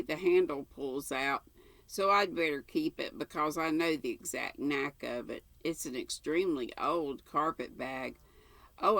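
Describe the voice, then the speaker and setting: A woman's voice: low voice, a bit bright, dry recording. An older woman reading aloud and voicing a chatty, imaginative orphan girl in a breathless, eager, rambling way.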